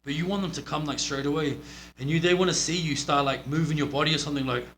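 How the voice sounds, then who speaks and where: A man's voice: a little high, steady tone, fast, fairly bright tone. A man with a New Zealand accent, a pro wrestler giving a blunt, profane critique of a match. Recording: roomy echo with faint hum.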